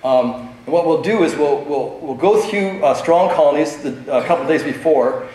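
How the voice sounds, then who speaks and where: A middle-aged man speaks at a convention in a large hall, his fairly high voice lively in intonation, warm, and at a normal speed. He tells anecdotes in a chatty way, laughs often, and fills pauses with um and uh. The recording echoes, with strong reverb from the hall.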